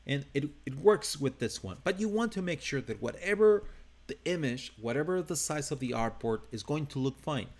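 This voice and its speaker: A man's voice: fairly high pitch, expressive, moderate pace. A man with a non-native English accent teaching a live design tutorial, talking casually and thinking aloud as he works. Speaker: design instructor.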